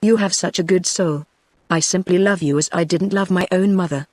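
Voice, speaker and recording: A man's voice: sits high, fairly even intonation, moderate pace, darkish tone, no room sound. A synthetic female voice reading an impassioned male revolutionary. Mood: earnest.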